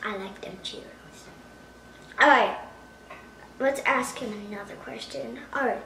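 A woman's voice: a little high, measured pace, pauses often, sharp tone, distant mic, a little hiss or hum. A woman hosting a comedic spoof vlog at home, talking in a playful, mock-dramatic way with exaggerated gasps and alarm. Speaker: vlogger. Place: at home indoors. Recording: echoey room, voice from off-mic.

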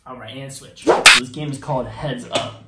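A man on a couple's vlog, explaining the rules of a party guessing game in a relaxed, playful way. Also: medium pitch, normal speed, reverberant, far from the mic, very noisy. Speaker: vlogger, game host.

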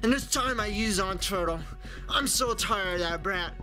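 A woman's voice: medium pitch, normal speed, sharp tone, soft background music, pitched below the performer's own voice, natural voice. A woman voicing a weary, underpaid male plush chef who sighs, grumbles and swears. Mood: fed up. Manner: sighing, grumbling, foul-mouthed.

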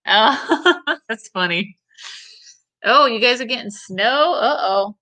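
A woman's voice: a little high, lively intonation, slow, bright, forceful tone, rough recording. A middle-aged woman hosting a casual live sale of vintage items, chatty and rambling as she answers viewer comments and laughs often.

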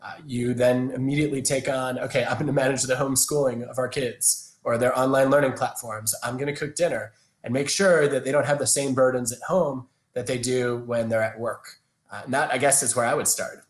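A man in his thirties answers interview questions in a thoughtful, explanatory way, often restarting his sentences. He speaks at a middle pitch. The sound is roomy, with a noticeable echo from a video call. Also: steady tone, fairly quick. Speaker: guest, organizational psychologist.

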